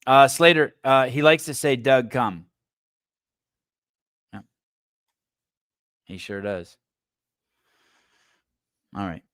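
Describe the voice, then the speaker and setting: A man's voice: mid-range voice, animated, slow pace, pauses often, fairly bright tone, clear, resonant tone, no echo. Male podcast host, rambling and foul-mouthed, talking close to a dry mic. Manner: profane, rambling riffs with stammered restarts. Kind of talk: casual livestream commentary.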